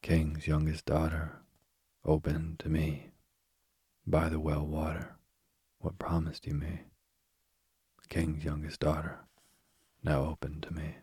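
A man voicing a cold, insistent male frog in a storybook reading, his own deep gravelly voice barely changed. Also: monotone, takes it slowly, long pauses, warm tone, dry recording, clean studio sound, full character voice. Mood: pleading. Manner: insistent, demanding.

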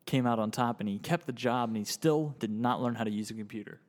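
A man improvising an absurd story in a deadpan, rambling way. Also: medium pitch, fast talker. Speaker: co-host, storyteller.

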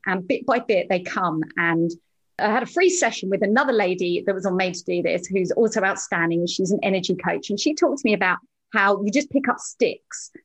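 A woman's voice: medium pitch, rough recording. A woman guest on a podcast, talking in an earnest, encouraging way about her journey. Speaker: podcast guest, program graduate. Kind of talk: casual interview.

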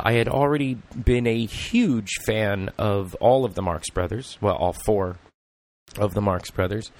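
A man's voice: fairly low pitch, vocal fry. A man hosting a podcast in casual chat, rambling and reflective with many ums and uhs. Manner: rambling, filler-heavy and reflective. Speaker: podcast host.

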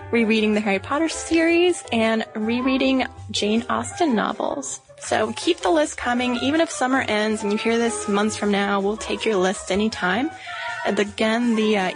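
A woman co-hosting a podcast in relaxed, conversational chat. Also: fairly high pitch. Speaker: podcast co-host.

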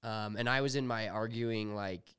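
A young man co-hosting a podcast, telling animated, profane stories in casual chat. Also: lowish voice, normal speed, clean tone, no echo, clean studio sound. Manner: animated storytelling, swears freely. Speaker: podcast co-host.

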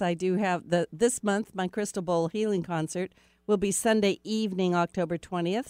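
A woman's voice: on the low side, a little mellow, smooth, no echo. A middle-aged woman hosting a radio show, chatting casually, laughing easily and rambling a little. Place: radio studio. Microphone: studio microphone.

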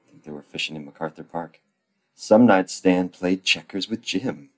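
A man reading a children's storybook aloud as a parody, deadpan and full of crude ad-libs. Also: low-pitched, moderate pace. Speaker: comic reader.

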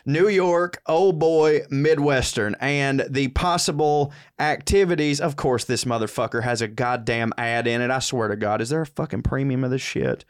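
A man's voice: mid-range voice, normal speed, few pauses, clear, resonant tone. A man co-hosting a comedy podcast, sweary and rambling in casual chat. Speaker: podcast co-host.

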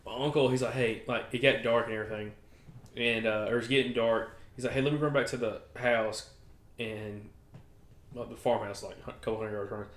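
A young man co-hosting a hunting podcast, telling a story with lively laughter and acted-out voices. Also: medium pitch, a little fast, reverberant. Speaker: podcast co-host. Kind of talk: casual chat.

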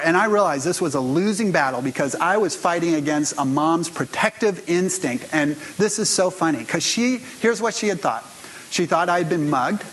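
Fairly high-voiced man preaching. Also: animated, moderate pace, a bit bright, low-quality recording. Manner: conversational storytelling, speaking straight to the congregation. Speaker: pastor. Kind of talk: sermon.

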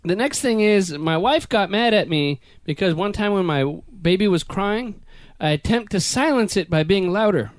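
A man telling stories in casual chat, laughing and acting out voices and yells. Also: high voice, normal speed, hardly any pauses, no echo. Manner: animated storyteller, laughing, acts out voices and yells.

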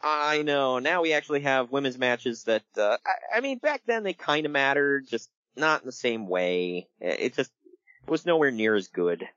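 A man hosting a casual podcast, telling stories in an animated way and laughing along. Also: medium pitch, no room sound, lo-fi sound. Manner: animated storytelling with laughs and quick impressions. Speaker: podcast host. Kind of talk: casual wrestling podcast chat.

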